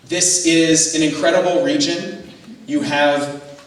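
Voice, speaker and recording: A man's voice: fairly high pitch, steady tone, slow. A man speaking as a rabbi and guest speaker at a community dinner, earnest with light jokes. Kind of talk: after-dinner speech. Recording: echoey hall from far off.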